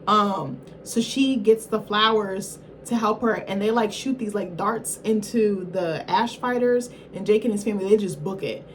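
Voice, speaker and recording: A woman's voice: medium pitch, normal speed, few pauses, a little hiss or hum. Slangy, profane woman recapping a film. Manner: slangy, profane, rambling storytelling; corrects herself mid-thought. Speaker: film reviewer.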